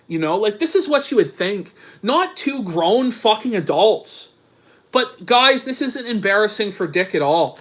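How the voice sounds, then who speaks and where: A man's voice: high-pitched, very animated, measured pace, fairly bright tone. A man hosting a commentary show, mocking read-out texts in a crude, sarcastic, profane way. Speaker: commentary channel host.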